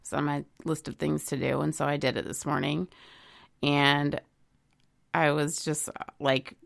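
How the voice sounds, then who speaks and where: A woman co-hosting a casual recovery talk show, telling a story in a chatty, relaxed way. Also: sits low, unhurried, creaky. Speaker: podcast co-host. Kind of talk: casual chat.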